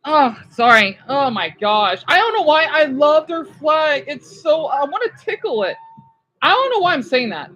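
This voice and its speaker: A woman's voice: sits high, big pitch swings, normal speed, a bit bright, poor audio. Gushing, exclamatory woman streamer. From United States. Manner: gushing, exclamatory, easily distracted; swears casually, then apologizes. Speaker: streamer reacting to a parade. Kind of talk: casual live-stream reaction.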